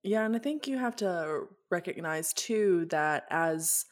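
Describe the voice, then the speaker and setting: Lower-voiced woman, reflective podcast chat. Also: expressive, measured pace. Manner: earnest, filler-heavy reflective talk. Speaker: podcast co-host. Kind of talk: casual chat.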